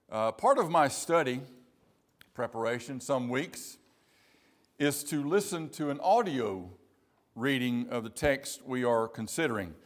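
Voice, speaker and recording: Man, pastor, slow deliberate sermon, middle pitch. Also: animated. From South Carolina. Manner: slow, deliberate preaching with emphatic repeated phrases.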